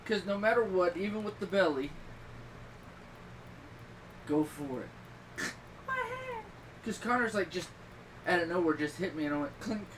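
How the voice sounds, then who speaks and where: A middle-aged man rambles through family stories in casual podcast chat, his voice rising into loud bursts now and then. He sits a little back from the mic, and steady background noise runs under his talk. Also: sits high, moderate pace, long pauses, recorded from a distance. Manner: rambling, animated storytelling with loud outbursts. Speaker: podcast host.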